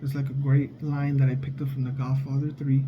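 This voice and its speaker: A man's voice: mid-range voice, little pitch movement, a little fast, dull audio, slight background noise. A young adult man and father, talking in a blunt, heated, profane casual monologue. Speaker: vlogger, father.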